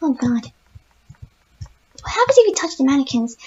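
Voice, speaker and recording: A woman voicing a timid, gentle young female pegasus pony, playing a game in character and talking to herself with easily spooked, jittery chatter. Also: sits high, big pitch swings, moderate pace, muffled recording. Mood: nervous, scared. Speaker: let's-play gamer in character.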